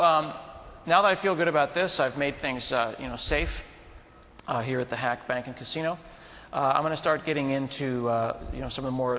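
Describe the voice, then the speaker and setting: A man's voice: mid-range voice, a bit bright, in a large hall, a little hiss or hum. A man co-presenting a tech talk in a laid-back, jokey way, calling people dude. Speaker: conference presenter. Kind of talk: joking tech talk banter.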